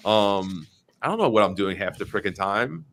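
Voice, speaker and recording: A man's voice: fairly low pitch, moderate pace, a little hiss or hum. A man guest on a podcast, telling sales stories in casual chat and acting out quoted lines in a raised voice. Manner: animated, acts out quotes in a raised voice; frequent fillers and restarts. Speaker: podcast guest, insurance agent.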